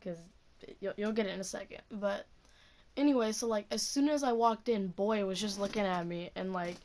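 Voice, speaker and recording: A woman's voice: medium pitch, moderate pace, darkish tone. A teenage woman telling a school story in a casual, profane vlog rant, full of "like". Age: teens. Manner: casual, profane, heavy use of "like". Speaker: student.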